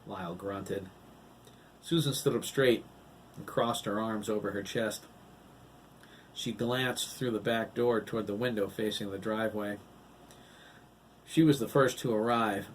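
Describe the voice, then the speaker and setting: Low-voiced man narrating an audiobook. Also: fairly even intonation, a little slow, pauses often, distant mic, a little hiss or hum, low-quality recording. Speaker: author and narrator.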